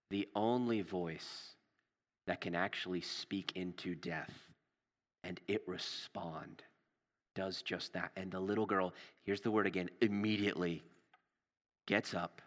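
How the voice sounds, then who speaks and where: A male pastor preaching a sermon in a storytelling way, rising for drama and dropping low and soft for tender moments. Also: long reverb tail.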